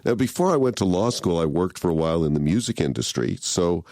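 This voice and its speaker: A male podcast host asking measured, curious questions in an interview. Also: deep voice, expressive, a little mellow, dry recording, clean studio sound.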